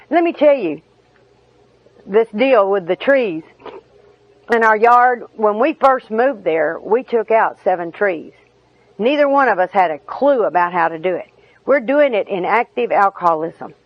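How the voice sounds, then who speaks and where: A middle-aged woman telling folksy, humorous personal stories at a recovery meeting, often laughing as she talks. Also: on the high side. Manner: folksy, laughing through her own stories. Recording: dull lo-fi recording with audience.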